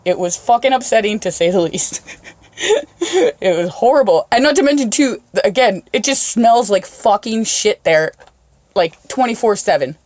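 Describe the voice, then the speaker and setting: A woman's voice: on the high side, lively intonation, moderate pace, darkish tone, dry recording. A woman hosting a podcast, swearing constantly and laughing her way through rambling road-trip stories. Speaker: podcast host. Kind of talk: casual storytelling chat.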